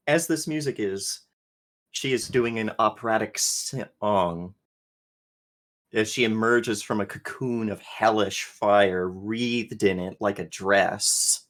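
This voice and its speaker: A man's voice: fairly low pitch, a bit bright. A man narrating as game master in a tabletop role-playing game, vivid and laughing, with some swearing.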